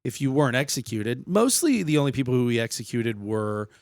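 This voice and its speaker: A man chats on his podcast about history, dropping swear words as he goes. His voice sits in the middle range, with no deep bass and no high edge. The sound is close and dry, with no room around it. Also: very animated, a little fast, no room sound. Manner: swears a lot, lectures on history. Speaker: podcast co-host. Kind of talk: casual podcast chat.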